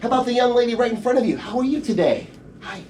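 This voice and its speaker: The man's voice is extremely high-pitched, fast, and darkish as this middle-aged performer leads a comedy magic show, bantering playfully with volunteers on every trick. Filmed from the front row on an audience member's camera in a theater show room, it sounds distant with faint room noise.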